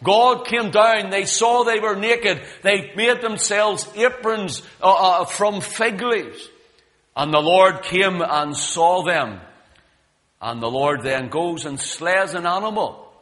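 A man's voice: sits high, slow pace, a bit bright. A man preaching a sermon in an emphatic, storytelling manner, acting out quoted lines. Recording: long hall reverb.

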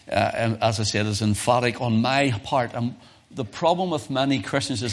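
A man delivers a sermon in a mid-pitched voice. He swings from loud, stressed phrases to soft, low asides, and often repeats or restarts a line. The sound is of a church service. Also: brisk. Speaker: pastor.

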